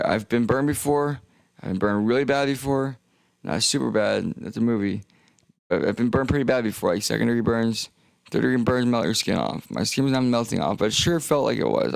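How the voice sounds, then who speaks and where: Gravelly young man rambling on stream. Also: mid-range voice, dry recording. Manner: rambling, jokey, trails off into mumbles. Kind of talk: rambling casual stream talk.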